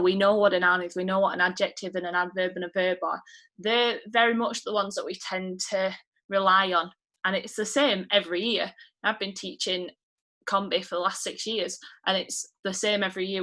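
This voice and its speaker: A woman's voice: medium pitch, pushed and bright. A young woman from England teaching an English literature class online, chatty and encouraging, over a video call. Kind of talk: online lesson.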